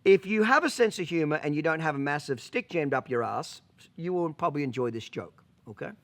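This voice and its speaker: Brief: outspoken male horse trainer, swearing freely, a bit high-pitched, talking to camera. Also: lively intonation, brisk. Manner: blunt and profane, keeps asking "okay?". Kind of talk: casual monologue to camera.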